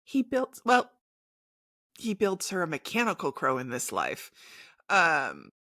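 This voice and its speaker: A woman co-hosting a podcast in an animated, playful chat, her bright voice swinging up and down in pitch. The sound is dry and close, with no room around it. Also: slow, no room sound. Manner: animated, playful, quotes characters in mock voices. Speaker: podcast co-host. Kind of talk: casual chat about a game.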